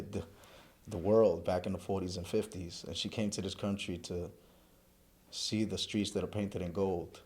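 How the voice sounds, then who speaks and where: A man's voice: low-pitched, darkish tone. A middle-aged man, a charity event chairman speaking earnestly in an interview and running through long lists.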